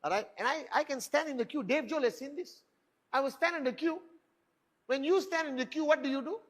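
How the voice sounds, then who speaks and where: This middle-aged man speaks a little fast in a very high-pitched voice. As a motivational speaker at a network marketing event, he fires rhetorical questions from the stage and boasts.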